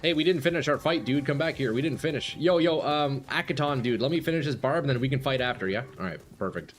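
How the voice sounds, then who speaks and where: Streaming a video game live, a young man with a mid-range voice speaks at a quick pace, chatting away to fellow players and calling them "bro" and "brother" as he comments. Steady noise sits under his voice throughout.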